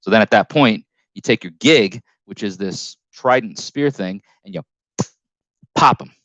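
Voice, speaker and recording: A man's voice: on the low side, unhurried, fairly bright tone, dry recording. A man with a northern US accent hosting a casual live stream on a headset mic, telling a rambling story full of restarts and self-corrections.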